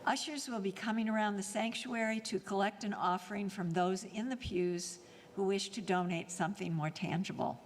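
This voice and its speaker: A woman in the role of lay worship leader reads the offertory in a steady, formal manner. Her voice sits in an ordinary middle range. It rings out into a church hall with a long tail of reverb and faint room ambience underneath. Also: medium pitch, slight background noise. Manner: measured, formal invitation to give. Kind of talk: reading the offertory. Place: church sanctuary.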